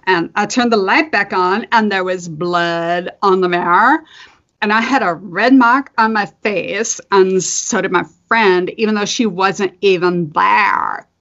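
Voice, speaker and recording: A woman on a podcast voicing a dramatic young woman who tells a spooky story in a breathless, halting way. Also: medium pitch, fairly bright tone, dull audio. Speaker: podcast host.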